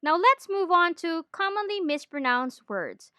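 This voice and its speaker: A woman giving a scripted lesson on training, in a clear, deliberate teaching manner. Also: very high-pitched, very animated, sharp tone, no room sound, clean studio sound. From Philippines. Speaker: accent trainer.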